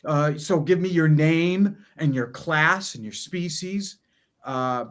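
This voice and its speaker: A man runs a tabletop game, setting the scene at a leisurely pace. His voice sits a little high for a man, and he pauses and restarts between details. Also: a bit bright. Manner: unhurried, halting descriptive narration. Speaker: game master.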